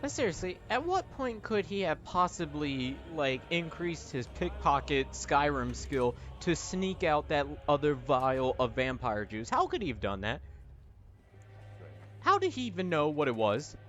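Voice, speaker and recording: A man's voice: fairly high pitch, very animated, measured pace, fairly bright tone, faint music behind. A man giving sarcastic, exasperated and profane reaction commentary while watching a movie. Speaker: YouTuber.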